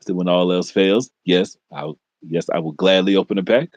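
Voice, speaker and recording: A man co-hosting a casual talk podcast, halting and retelling everything with "I said". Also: sits low, no room sound, highs cut off. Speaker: co-host. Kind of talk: casual chat.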